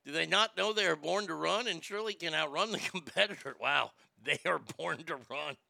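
Brief: male show host, sharp bright tone, dry close sound, profane irreverent comedic commentary. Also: on the high side, fairly quick, gravelly, no echo.

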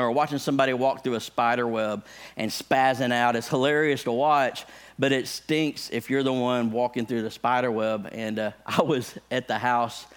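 As part of a sermon, a man who pastors recounts a humorous personal anecdote in lively fashion. Whenever he's excited, his voice shoots up high.

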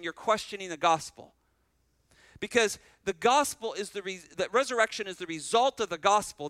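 This high-voiced man is a pastor giving an expository sermon. Scripture comes slowly, the explanation comes quickly, and his animated delivery moves between loud and soft, all captured in a dry, low-quality recording.

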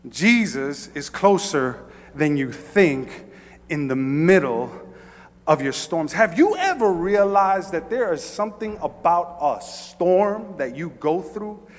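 Man, pastor, sermon, high voice, hushed to shouting, repetitive restarts, long hall reverb. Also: very animated, takes it slowly. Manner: builds from hushed to shouted pleading; repetitive preaching with stammered restarts.

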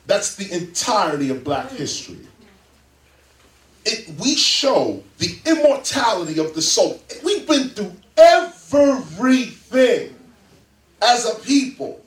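A man speaking as a guest before a live audience in a library, lecturing in an animated, emphatic way. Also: high voice, slow. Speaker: interview guest. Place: public library event room. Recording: roomy, distant mic.

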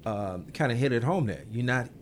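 A man interviewing an artist, framing his questions thoughtfully with many pauses and fillers. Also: mid-range voice, expressive, slight background noise. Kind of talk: conversational interview.

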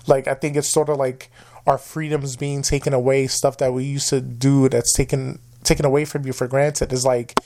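A man's voice: medium pitch, level tone, normal speed, warm tone. A man hosting a podcast in casual chat, rambling with lots of fillers and swearing freely. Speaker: podcast host.

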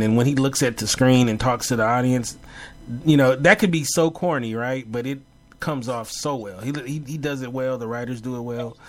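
A man co-hosting a casual chat about favorite movies and TV, animated and laughing, with many fillers. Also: mid-range voice. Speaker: podcast co-host.

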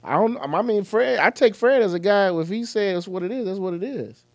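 A man co-hosting a casual podcast, easygoing and quick to chime in and agree. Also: high voice, animated. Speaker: podcast co-host.

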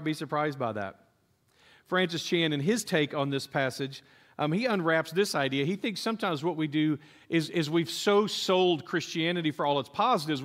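A middle-aged man preaching a sermon, telling a story with humor and acting out the voices of the people in it. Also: fairly high pitch. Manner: animated storytelling, acts out quoted voices, jokes with the congregation. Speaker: pastor.

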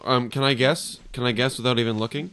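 A man's voice: medium pitch, steady tone, fast, fairly bright tone. A man co-hosting a podcast, joking and teasing his guests in casual chat. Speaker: podcast co-host.

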